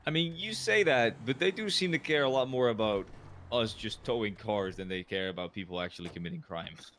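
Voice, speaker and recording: A man's voice: lowish voice, lively intonation, a little fast, fairly bright tone, slight background noise. A man griping and swearing in casual chat as a tow truck driver in a roleplay. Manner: swearing, complaining.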